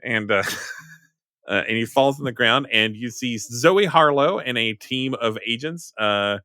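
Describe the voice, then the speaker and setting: A man's voice: medium pitch, measured pace, sharp tone, no room sound, clean studio sound. A man narrating a tabletop role-playing game as game master, rambling with fillers.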